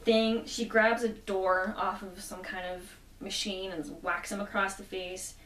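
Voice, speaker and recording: A woman's voice: mid-range voice, level tone, measured pace, a bit bright. A woman casually recapping a comic book story, quoting the characters as she goes. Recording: roomy echo, mic at a distance.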